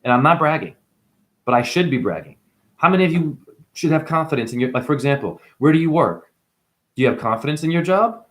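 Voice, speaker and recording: Speaking straight to the camera, a self-styled spiritual guru boasts and rambles, jumping from loud outbursts to muttered asides. His voice is a little high, expressive, and a little fast.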